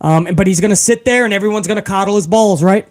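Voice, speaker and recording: A man's voice: high voice, fast talker, a little mellow. A man hosting a casual live stream, reading out viewer comments and ranting with a lot of profanity, calling everyone bro.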